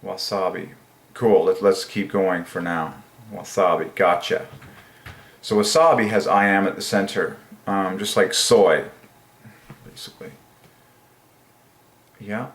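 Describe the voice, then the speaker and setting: A man hosting his own channel, musing aloud in casual solo commentary, enthusiastic and repeating words to himself, sometimes in a sing-song higher voice. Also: fairly even intonation, unhurried, long pauses. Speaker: channel host. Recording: echoey room.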